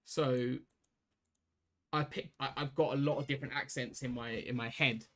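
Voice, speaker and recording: A man's voice: medium pitch, fairly even intonation, moderate pace, fairly bright tone. A young British man with a British accent, chatting casually and rambling to his chat while streaming a game, full of restarts. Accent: British English. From Britain.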